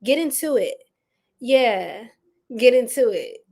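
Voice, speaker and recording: A woman's voice: on the high side, expressive, slow pace, a little mellow. Chatty woman doing a live tarot reading. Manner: chatty, affectionate, greets chat viewers; uses slang like y'all and boo. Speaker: tarot reader.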